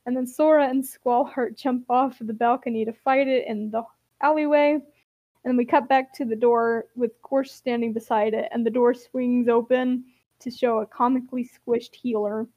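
High-voiced young woman, wry comic recap. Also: fairly even intonation, moderate pace, mellow, no echo, dull audio. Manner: wry, chatty, laughs often.

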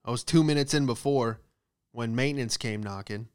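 A man's voice: medium pitch, normal speed, clean tone. A man doing a casual, profane comedic monologue, riffing with exaggerated bits about everyday hassles. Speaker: comedian host.

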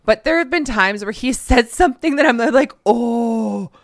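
A woman's voice: high voice, expressive, fairly quick, dry recording, clean studio sound. A woman co-hosting a podcast, chatting casually and laughing often as she rambles through stories. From Canada. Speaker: podcast co-host. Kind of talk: casual chat.

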